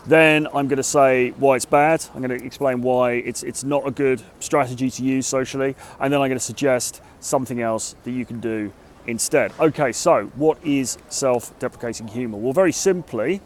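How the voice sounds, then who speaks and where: A British dating coach offers casual advice to the camera outdoors in a city, chatty and full of hedges like "sort of" and "kind of." His medium-pitched voice moves at a normal speed over a faint hiss or hum.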